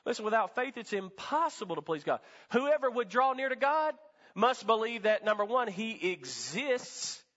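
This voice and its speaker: Guy preaching, high voice, calling out to the church, dull lo-fi sound. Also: very animated, normal speed, fairly bright tone. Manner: emphatic call-and-response preaching. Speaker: pastor. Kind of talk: sermon. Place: church sanctuary. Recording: reverberant hall, dull lo-fi sound.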